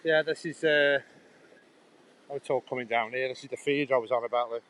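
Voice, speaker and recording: This vlogger is a middle-aged man from England whose Potteries accent from Stoke-on-Trent drops its H's. He walks a canal towpath outdoors, phone in hand, rambling chattily to his live-stream audience, laughing and restarting phrases. His mid-range voice is steady, brisk and a bit bright, and the audio is poor.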